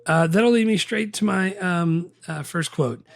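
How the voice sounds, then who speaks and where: A man co-hosting a podcast in casual chat about movies, relaxed and full of fillers. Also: high-pitched, measured pace, gravelly, dry recording. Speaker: podcast co-host.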